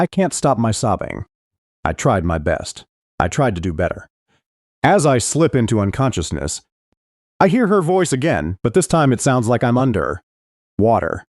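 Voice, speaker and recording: A man's voice: deep voice, darkish tone, no room sound. A man narrating a first-person thriller audiobook in a dramatic, emotional reading, close to the mic.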